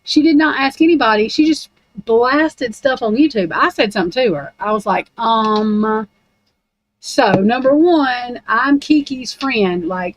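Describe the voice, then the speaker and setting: A woman's voice: a little high, dry recording, low-quality recording. A woman in a casual, rambling rant about true crime, blunt and heavy on profanity.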